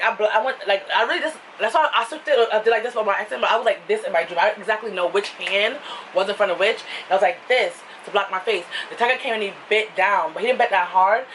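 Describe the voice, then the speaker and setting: Young woman, New York accent, casual animated storyteller, bright slightly high voice, mic a bit distant. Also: fast talker, a little hiss or hum. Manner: animated, laughing, swings into high excited quoted voices. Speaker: vlogger.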